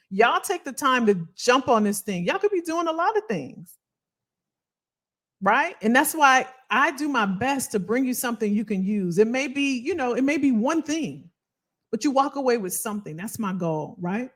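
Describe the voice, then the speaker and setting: A woman hosting a motivational live stream, reading viewer comments and cheering people on, repeating her phrases. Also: on the high side. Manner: animated, preachy and encouraging, repeats phrases.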